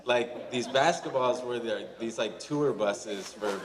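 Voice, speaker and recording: A young man in his twenties stumbles warmly through a toast for his sister, pausing and leaning on fillers as emotion catches him. He is heard from a distant camera at an outdoor reception, with a clear murmur of guests around him. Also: mid-range voice. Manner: halting, emotional, full of fillers and "you know". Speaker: brother giving a wedding toast. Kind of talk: personal wedding toast. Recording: distant camera, crowd noise behind.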